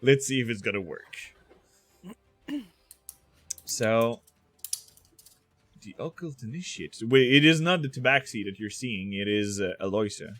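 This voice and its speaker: A man's voice: medium pitch, lively intonation, unhurried, long pauses, a bit bright. A man narrating a tabletop game as game master, laughing and hesitant with fillers.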